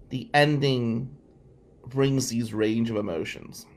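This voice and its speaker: A man's voice: medium pitch, fairly even intonation, normal speed. A man telling a personal story in a candid, emotional way, with sighs along the way. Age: adult, past law school. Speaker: storyteller recounting his past.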